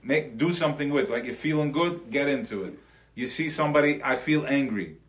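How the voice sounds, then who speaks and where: A man's voice: a little high, fairly quick. Conversational man teaching a class. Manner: loose and conversational, mixing in Yiddish terms; checks in with listeners, acts out everyday examples. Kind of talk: live recorded Chassidic class.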